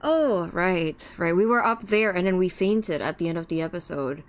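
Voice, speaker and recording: Low-voiced woman streaming a game. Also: expressive, moderate pace. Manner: rambling with many fillers and restarts, chatting to viewers. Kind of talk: casual gameplay commentary.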